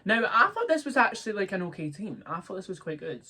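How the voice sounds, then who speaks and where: A young man hosting a casual review chat, bubbly, quick to laugh and full of fillers. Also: high voice, very animated, pushed and bright, breathy edge. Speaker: host.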